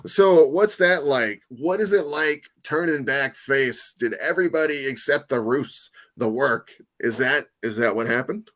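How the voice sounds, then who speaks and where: A male podcast host in casual conversation with a guest, excitable and animated. His voice sits at an ordinary middle pitch, with loud bursts of enthusiasm between quieter asides. He keeps checking in with his listener as he talks. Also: measured pace, few pauses. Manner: peppers talk with "man" and "you know what I mean". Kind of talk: casual interview chat.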